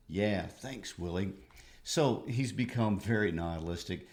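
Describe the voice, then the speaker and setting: A man's voice: on the low side, unhurried, darkish tone, reverberant. A man co-hosting a literature podcast, reading quotes aloud and discussing a play. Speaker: podcast co-host.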